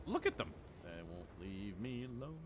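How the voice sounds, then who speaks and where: A man's voice: mid-range voice, moderate pace, heavy background noise. A man streaming a multiplayer game live, talking to his chat and friends, exclaiming and laughing as he plays. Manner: excitable, exclaiming and laughing often. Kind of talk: live gameplay commentary.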